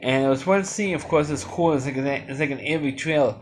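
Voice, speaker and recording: A man's voice: on the high side, fairly quick, slight background noise. A man giving an unscripted movie review, rambling along with many restarts and fillers.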